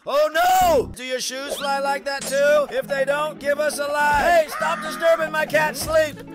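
A man hosting a reaction video, calling out excitedly at clips and pleading with viewers to subscribe. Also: extremely high pitch, unhurried, faint music behind. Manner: exclamatory, keeps begging viewers to subscribe.

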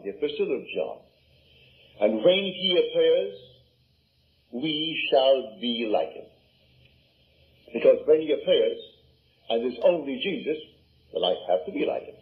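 An older man with a Barbadian accent giving an emphatic spoken lecture, full of rhetorical questions. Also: medium pitch. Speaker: lecturer on scripture and imagination. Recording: tinny lo-fi archive recording.

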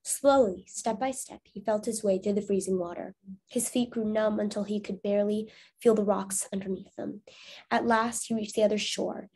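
A woman's voice: mid-range voice, steady tone, moderate pace, mellow, husky. A woman teacher reading a storybook aloud to young students, then asking encouraging discussion questions. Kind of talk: reading aloud to children, lesson.

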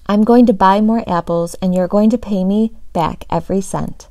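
A woman reading aloud as a stern, exasperated mother scolding her son, with a gravelly edge. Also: medium pitch, normal speed, mellow, no echo, natural voice.

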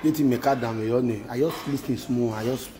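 A man's voice: medium pitch, brisk, rough recording. A man with a Nigerian accent in an emotional rant to his wife, repeating himself and mixing in Pidgin exclamations. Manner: repetitive, mixes Pidgin with exclamations.

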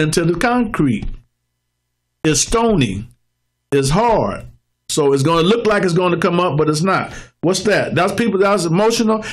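Male pastor, higher-pitched voice, teaching sermon with plain everyday examples. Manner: explains scripture in plain examples, slows down to read verses and acts out churchgoers.

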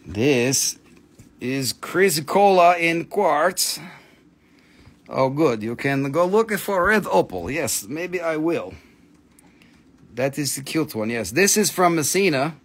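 A man's voice: on the high side, lively intonation, slow. A man hosting a live gemstone sale stream, calling out prices in blunt, casual patter and swearing freely.

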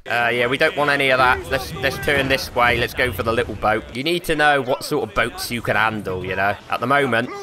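A young man gives rowdy, swearing gameplay commentary and shouts pirate orders at his crew. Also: mid-range voice. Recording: game music loud behind voice.

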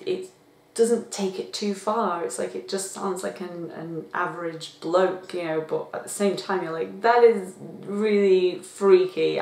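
Woman, film reviewer on her own channel, chatty and expressive, slightly low voice, echoey room. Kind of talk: casual spoken movie review.

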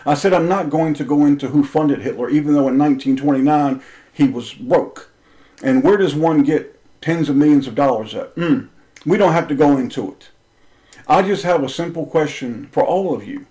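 A man telling a personal story as an impassioned monologue, intense and confrontational, swearing freely and swinging between raised and lowered speech. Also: moderate pace, dark tone, low-quality recording.

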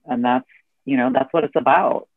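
A man co-hosting a casual podcast over a remote call, speaking briefly and plainly, halting and restarting as he goes. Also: medium pitch, gravelly, dry recording. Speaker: podcast co-host. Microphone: remote call with a poor connection. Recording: tinny phone-like call line.

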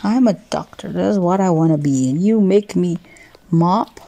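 Woman voicing a complaining young male intern, indignant, husky, darkish tone, game voice. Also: lowish voice, a little slow, warm tone. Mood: annoyed. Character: frustrated young male intern who wants doctoring.

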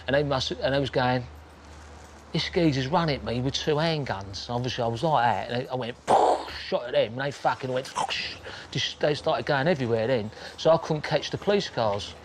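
A man's voice: mid-range voice, background noise. Blunt swearing man telling a story. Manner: blunt, swearing, acts out scenes with quick quoted voices. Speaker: interviewee recounting his crimes. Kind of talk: casual storytelling.

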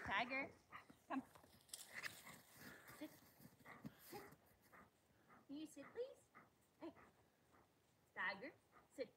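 A woman's voice: high-pitched, sing-song, extremely slow, long pauses, background noise. A woman, slightly sick, chatting casually on a live stream outdoors in the snow, cooing and calling to her dogs between rambling asides. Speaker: vlogger hosting a live Q&A. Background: dogs playing in snow.

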